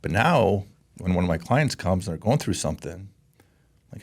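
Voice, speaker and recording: A Canadian man in his forties, a former pro hockey player, appears as a podcast guest in a candid interview. His low voice is animated and a little mellow at a normal speed, and he talks earnestly and emotionally, often stopping and starting over.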